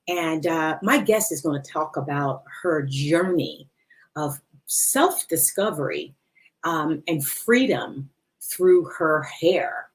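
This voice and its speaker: Woman, low voice, podcast host, chatty and playful, headset mic. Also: slow pace, rough recording. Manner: chatty, playful, laughs often. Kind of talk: casual chat. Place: studio under lights.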